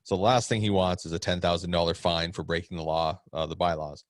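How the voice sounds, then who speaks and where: A pro wrestler co-hosting a podcast tells a rambling story in a deep, steady voice, talking fast, laughing often, and swearing. It's casual chat, recorded dry with clean studio sound.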